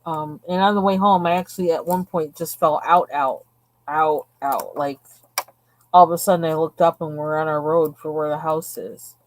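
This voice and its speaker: A woman's voice: sits low, fairly even intonation, normal speed, slight background noise. A woman hosting a live stream, chatting casually and rambling from one tangent to the next while she colors. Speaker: livestream host.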